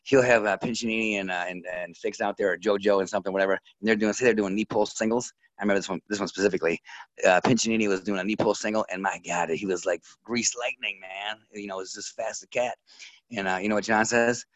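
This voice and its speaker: Casting note: lively man, coach type, lower voice, rapid delivery, dry close sound. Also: no room sound, poor audio. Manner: energetic, animated, laughs often. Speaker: wrestling coach. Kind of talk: casual interview storytelling.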